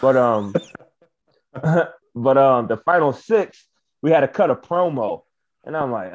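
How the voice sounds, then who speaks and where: A man's voice: medium pitch, a little slow, long pauses. A young man from Michigan, a wrestler being interviewed, telling his story casually, acting out what people said and laughing often. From Michigan, USA. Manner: animated, acts out quoted exchanges, laughs often. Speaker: professional wrestler, guest. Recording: muffled lo-fi audio.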